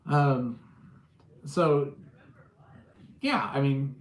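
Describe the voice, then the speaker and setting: A man's voice: mid-range voice, very slow, reverberant. A man hosting a casual livestream, telling stories and acting out what people said. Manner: animated storyteller, acts out quotes. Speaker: livestream host.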